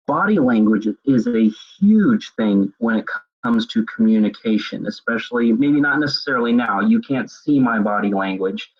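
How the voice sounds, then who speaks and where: A middle-aged man presenting a webinar lecture in a conversational way, often repeating words as he thinks. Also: mid-range voice. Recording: dull lo-fi web seminar audio.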